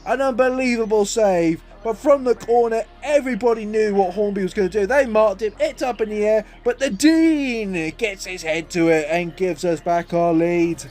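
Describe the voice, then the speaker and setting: A young man giving jokey, excitable commentary over a football video game, swearing and exclaiming. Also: sits high, normal speed, hardly any pauses. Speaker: gaming YouTuber. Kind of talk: energetic match commentary over gameplay. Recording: faint music behind.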